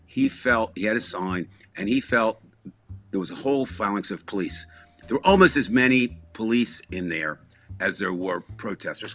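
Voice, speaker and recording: A man's voice: fairly low pitch, fairly bright tone. A man chatting casually as a podcast co-host, telling a long story in a rambling way with restarts, asides and small chuckles.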